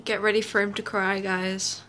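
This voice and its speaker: A woman's voice: medium pitch, flat delivery, moderate pace, sharp tone, a little hiss or hum. A woman filming at home, chatting and teasing playfully. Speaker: camera operator. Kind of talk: casual chat.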